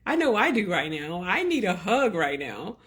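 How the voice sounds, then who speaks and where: A woman hosting a podcast, talking earnestly to her listeners and gently coaching them in slow, deliberate phrases. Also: lowish voice, big pitch swings. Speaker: podcast host. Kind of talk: reflective solo podcast talk.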